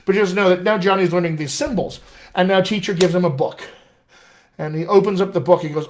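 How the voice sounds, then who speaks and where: Chatty American man teaching, slightly high voice. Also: fast talker. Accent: General American. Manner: extemporaneous, explanatory, frequent "all right?" check-ins. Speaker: dialect coach. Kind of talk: live-streamed teaching session.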